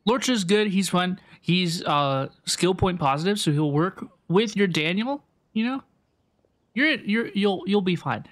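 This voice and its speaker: A man's voice: sits high, expressive, a little slow, a bit bright. A young man streaming a game, talking casually to his chat in a rambling, repetitive way. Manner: rambling, chatty, repeats himself. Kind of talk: casual live game commentary.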